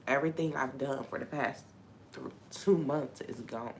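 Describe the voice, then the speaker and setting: A woman's voice: a bass voice, normal speed, background noise. A woman hosting a faith talk on a live stream, venting frankly and swearing freely.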